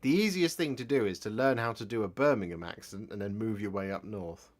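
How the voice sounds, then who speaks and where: A man from the English Midlands with a Midlands accent, hosting a casual live stream in a chatty, rambling way and warmly thanking his viewers. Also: lowish voice, fairly quick.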